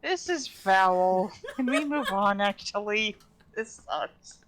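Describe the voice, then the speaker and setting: A woman on a livestream, chiming in with dry, deadpan reactions. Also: mid-range voice, slow, heavy background noise. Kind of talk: casual chat on a livestream.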